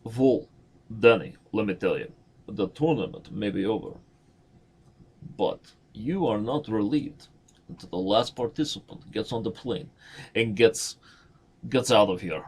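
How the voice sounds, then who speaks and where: A man putting on a blunt older Russian chess veteran with a put-on Russian accent, lecturing gruffly. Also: fairly low pitch, lively intonation, a little slow, pauses often, a little mellow, full character voice.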